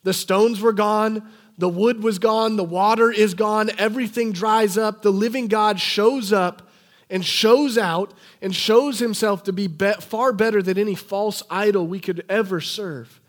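A young man preaching a sermon, retelling a story animatedly and acting out the quoted lines in a lower voice. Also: steady tone, a little slow.

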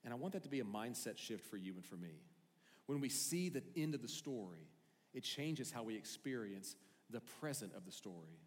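A male pastor preaching a sermon, earnest and conversational, with animated storytelling. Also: medium pitch, moderate pace. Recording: long hall reverb, faint music.

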